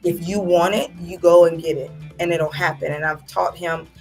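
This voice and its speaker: A woman talking in a casual, heartfelt chat as a proud mother, animated and quick to laugh. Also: lowish voice, vocal fry, faint music behind. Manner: emotional, animated, laughs often. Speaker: guest, mother of a young athlete.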